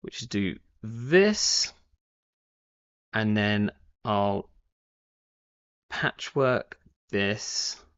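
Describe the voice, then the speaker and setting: A man's voice: on the low side, lively intonation, very slow, long pauses, a bit bright, clean tone. A young man streaming a card game live, thinking aloud in a rambling way with lots of fillers and self-corrections. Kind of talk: casual live-stream commentary. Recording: dull, lo-fi stream audio.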